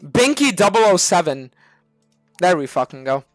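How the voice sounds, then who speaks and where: Male streamer, heated profane rant, very animated pitch, dead dry room. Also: moderate pace, no echo, faint music behind. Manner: profane, ranting, argumentative.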